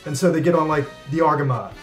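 Male anime reviewer, comedic, excitable, rambling, faint music behind. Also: fairly high pitch, fast talker. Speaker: anime reviewer and channel host. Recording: echoey room with faint music.

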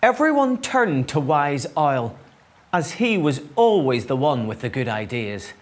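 Male storyteller, children's story, unhurried, lively lilt, higher voice. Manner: expressive and unhurried.

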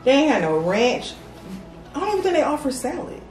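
A woman's voice: sits high, very animated, a little fast, darkish tone. A woman talking casually about the food between bites in a mukbang video. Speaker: mukbang guest. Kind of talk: casual eating chat. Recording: roomy audio from a distant mic with faint music. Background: faint music.

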